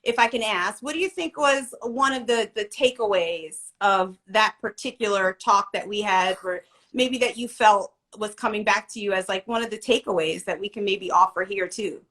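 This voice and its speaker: A woman in her forties hosting a casual livestream chat, animated and chatty, on a video call. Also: medium pitch, normal speed. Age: 40s. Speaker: host.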